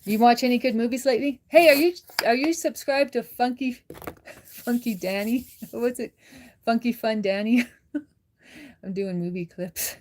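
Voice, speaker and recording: A woman's voice: a little high, fairly even intonation, unhurried. A woman hosts a casual livestream, talking with viewers and laughing easily. She says she is worn out, and she chats along loosely, reacting to comments as they come in. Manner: chatty, laughs often, answers viewer comments. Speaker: livestream host.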